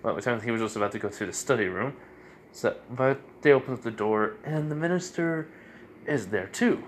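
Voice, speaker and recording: A man's voice: mid-range voice, expressive, brisk, a little hiss or hum. A man casually narrating an improvised fan story, rambling with fillers and self-corrections.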